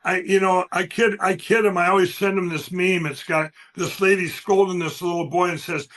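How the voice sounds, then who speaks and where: Man with a high-pitched voice, guest on a talk show, rambling and emphatic, telling stories. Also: steady tone, moderate pace, a bit bright. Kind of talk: animated interview storytelling.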